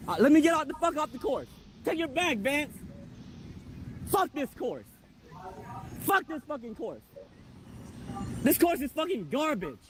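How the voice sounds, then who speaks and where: Man, very high voice, profane heated rant, outdoor clip with noise behind. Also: sing-song, measured pace, long pauses. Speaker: golfer filming his round. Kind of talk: angry outburst on a clip. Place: outdoors on a golf course.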